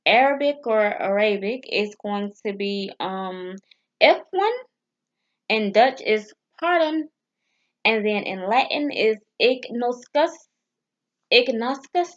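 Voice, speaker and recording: In a casual study vlog, a woman chats while practicing phrases, hesitating and stumbling over foreign words. Her voice is a little high and the audio sounds dull.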